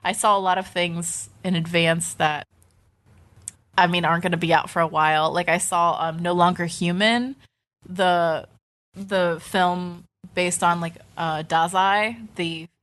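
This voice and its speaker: A young adult woman co-hosting a casual podcast, telling stories in an animated, laughing way. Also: on the low side, a little slow. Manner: animated storyteller who laughs at her own anecdotes. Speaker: podcast co-host.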